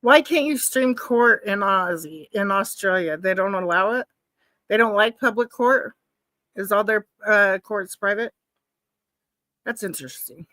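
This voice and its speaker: A woman hosting a livestream, chatting casually with her viewers and tossing them quick questions. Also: mid-range voice, pushed and bright, no room sound. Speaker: livestream host.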